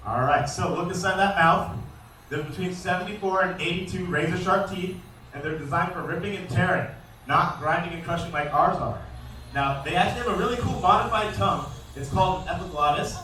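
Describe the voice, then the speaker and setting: A man presenting a live alligator show, joking with and quizzing the crowd and calling out loudly to them. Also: high voice, a little fast. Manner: calls out loudly to the audience. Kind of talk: live comedic animal demonstration. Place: outdoor show arena. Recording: echoey, distant outdoor recording with faint noise.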